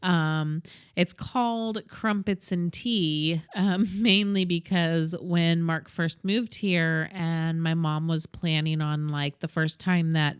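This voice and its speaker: Woman from the US, smooth clear voice, lowish, giggly, chatty podcast co-host. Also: steady tone, takes it slowly. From United States. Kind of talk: casual chat.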